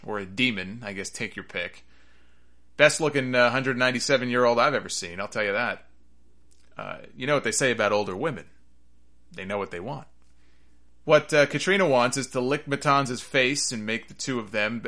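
A man's voice: mid-range voice, bright, forceful tone. A man hosting a wrestling podcast, rambling and sarcastic in casual commentary.

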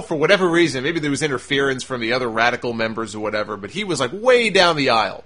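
Bright-voiced sarcastic man ranting. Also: on the high side. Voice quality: sarcastic, animated, swears freely. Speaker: wrestling podcast host. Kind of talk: casual profane recap and rant.

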